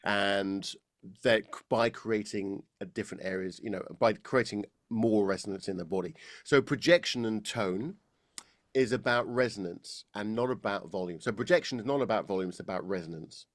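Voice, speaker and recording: A British man, a voice coach, explaining technique in a relaxed interview, often laughing and restarting his sentences. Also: lowish voice, moderate pace, no echo, clean studio sound. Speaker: voice coach guest.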